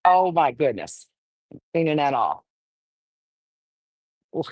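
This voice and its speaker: A woman's voice: low-pitched, big pitch swings, extremely slow, pauses often, darkish tone, no room sound. A woman breeding dogs, casually livestreaming while she firmly coaxes a wriggling puppy, talking in a folksy way. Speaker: dog breeder.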